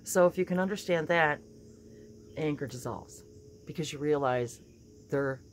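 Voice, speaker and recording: A low-pitched woman talks in a casual, chatty way about spiritual practice. Her morning voice is a little hoarse, and she laughs often between her points. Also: measured pace, a little hiss or hum. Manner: warm, chatty, laughs often, many fillers and restarts. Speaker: spiritual channeler and teacher.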